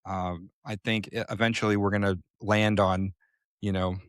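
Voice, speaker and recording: A man co-hosting a casual podcast, explaining at length and thinking aloud with frequent pauses. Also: lowish voice, level tone, fairly bright tone, clean tone, no room sound, studio quality. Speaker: podcast co-host.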